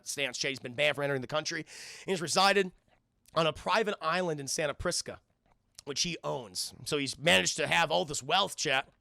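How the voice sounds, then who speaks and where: Man, streamer recapping a cartoon for chat, gravelly fried voice, bright forceful tone, dry close mic, excitable and profane. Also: fairly high pitch, no room sound. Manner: excitable, profane, keeps addressing chat, acts out characters. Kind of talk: casual recap to live chat.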